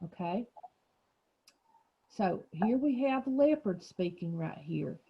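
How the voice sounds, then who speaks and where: A woman teacher walks young children through a storybook, explaining patiently and encouraging them to join in. Her voice is husky with a gravelly edge, and it is captured on a dull, lo-fi recording. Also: fairly low pitch, animated, takes it slowly. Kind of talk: reading lesson for young children.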